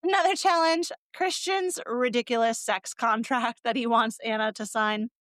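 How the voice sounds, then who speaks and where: A woman co-hosting a casual book-review podcast, sarcastic and animated, swearing freely and laughing often. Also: fairly high pitch, moderate pace, no echo. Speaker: podcast co-host.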